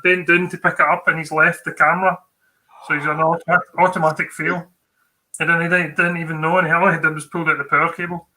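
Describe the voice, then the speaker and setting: A man's voice: fairly high pitch, bright, forceful tone, slight background noise, low-quality recording. A Scottish man co-hosting a tech livestream, giving exam tips in a chatty, informal way with many fillers and restarts.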